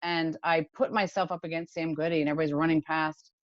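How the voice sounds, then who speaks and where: Interview guest: woman, low voice, dull dry recording, emotional storyteller. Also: fast talker, no room sound. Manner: emotional, animated retelling with laughs. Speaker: podcast guest, company founder.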